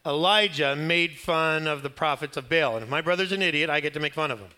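With a fairly high voice and a fairly quick delivery, a preacher recounts a Bible story with humor and a conversational tone. He animates the tale by performing the quotes, and his voice rises loud at the climactic moments.

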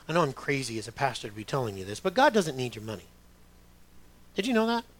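A man's voice: on the high side, a bit bright. A middle-aged man preaching a sermon as a pastor, talking conversationally with joking asides and putting on other voices.

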